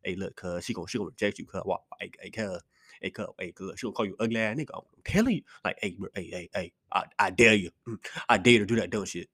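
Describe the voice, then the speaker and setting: A man's voice: sits low, fast talker, fairly bright tone, husky, voice pushed down. A man doing his own mocking inner critic. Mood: taunting. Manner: taunting, repetitive.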